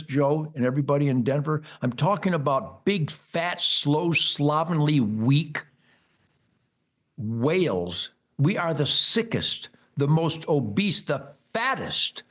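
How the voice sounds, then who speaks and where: Bombastic older man ranting. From United States. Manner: bombastic, mocking, loud rants with sudden high-pitched outbursts. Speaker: host. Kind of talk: rambling political monologue.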